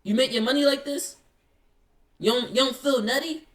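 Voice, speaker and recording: Animated man retelling a run-in. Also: extremely high pitch. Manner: retells a dispute, acting out both sides in quick quotes. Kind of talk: animated casual storytelling.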